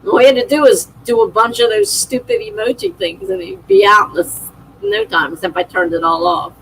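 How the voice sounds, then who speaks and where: A woman's voice: a little high, sing-song, brisk, vocal fry, fairly bright tone, a little hiss or hum, poor audio. A middle-aged woman hosting a livestream, chatting casually and laughing often as she reads viewer comments aloud. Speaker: livestream host.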